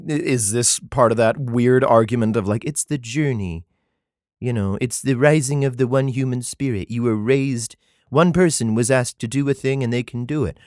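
A man's voice: medium pitch, dry recording, clean studio sound. A man reading scripture aloud and mocking it between passages, profane and sarcastic, often chuckling. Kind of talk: irreverent commentary on a scripture reading.

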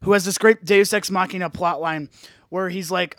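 A man's voice: sits high, steady tone, moderate pace, a bit bright, no room sound, clean studio sound. A man co-hosting a podcast, recapping a show in goofy, slangy casual chat. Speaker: podcast co-host.

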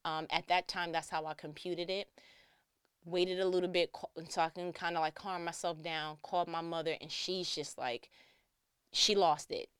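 A young woman telling a personal story in a lively, slangy way, acting out the voices she quotes. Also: fairly low pitch, normal speed, clean tone, no echo, clean studio sound. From New York.

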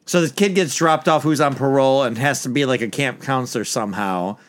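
A man's voice: medium pitch, fairly quick. A man hosting a film review podcast, loosely recapping a movie in casual chat, full of filler words. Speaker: podcast host.

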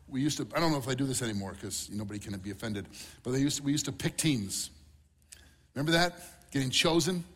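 A man's voice: on the high side, a bit bright, slightly rough. A middle-aged man preaching a sermon as pastor, earnest and repeating key words for emphasis.

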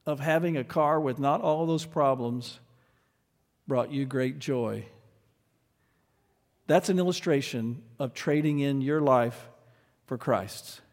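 Earnest male preacher in a reverberant hall. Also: a little high. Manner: earnest, swings between soft asides and loud emphatic lines. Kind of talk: sermon.

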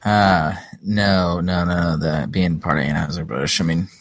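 A man's voice: deep voice, moderate pace, dry recording. A man co-hosting a podcast in casual chat, easygoing and hesitant, with many ums and restarts. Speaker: podcast co-host.

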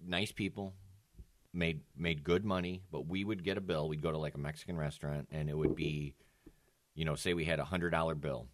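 A man's voice: rumbling low, fairly even intonation, fairly quick, dry recording. A man co-hosting a podcast, telling stories in casual chat and swearing when he gets worked up. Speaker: podcast co-host.

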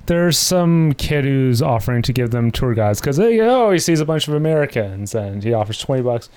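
A man chatting casually on a podcast in a hesitant, halting way. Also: mid-range voice, a little mellow, smooth. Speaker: podcast co-host. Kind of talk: casual chat.

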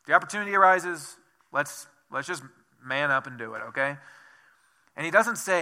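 A man's voice: fairly high pitch, moderate pace, pauses often, sharp tone. A male pastor preaching a sermon in a conversational, self-deprecating storytelling manner, asking his listeners many questions.

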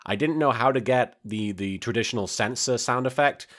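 A man's voice: mid-range voice, normal speed, fairly bright tone. A man in his thirties hosting a casual podcast, telling stories with lots of fillers and restarts. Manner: rambling, filler-heavy storytelling. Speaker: podcast host and abridged-series creator.

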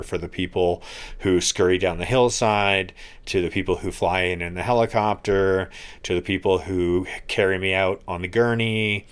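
Deep-voiced man, slow and reflective. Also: clean tone. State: recovering from an injury. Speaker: podcast co-host. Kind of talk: casual podcast chat.

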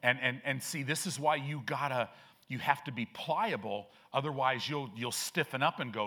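A man's voice: medium pitch, moderate pace, bright, forceful tone. A man preaching a sermon as pastor, emphatic and repetitive, with frequent restarts.

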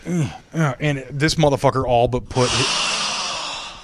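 A man's voice: mid-range voice, takes it slowly, a bit bright, a little hiss or hum. A man in casual chat, animatedly telling a profane story and acting out quoted lines.

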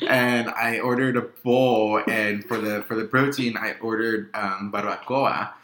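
A woman's voice: a bass voice, fairly even intonation, unhurried, fairly bright tone. A woman co-host in a casual chat, telling a story while laughing and mocking. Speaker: podcast co-host. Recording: roomy echo.

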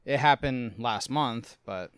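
A man's voice: mid-range voice, slow pace, fairly bright tone, clear, resonant tone, no echo, clean studio sound. A man chatting casually as a podcast co-host, talking eagerly and teasing his friend. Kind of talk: casual chat.

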